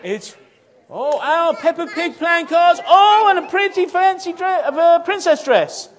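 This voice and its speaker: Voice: very high voice, animated, measured pace, some chatter behind. A children's church leader talking playfully and coaxingly with a group of children in a church.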